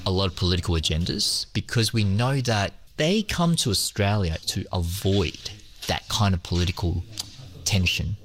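A man from Hong Kong, a school teacher, answering interview questions hesitantly with many pauses and fillers. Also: low-pitched, expressive, slight background noise.

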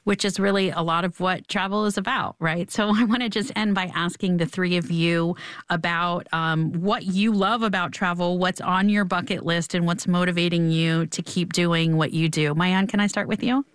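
A woman hosting a public radio talk show, moderating guests and briskly wrapping up the program. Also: on the low side, fairly even intonation, clean tone, no echo, studio quality.

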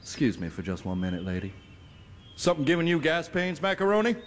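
A man's voice: on the high side, big pitch swings, quick pace, in a large hall. An actor playing a cocky traveling salesman with slick patter who sneers at a trucker. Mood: sneering. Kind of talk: film drama acting.

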